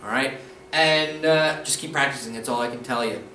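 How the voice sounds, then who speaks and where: A man teaching a casual language lesson who says each word slowly and often asks "okay?" to check in. His voice sits in the middle of the range. It sounds echoey and a little distant from the mic. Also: medium pitch, pushed and bright, a little hiss or hum. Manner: repeats words slowly for practice, checks in with "okay?".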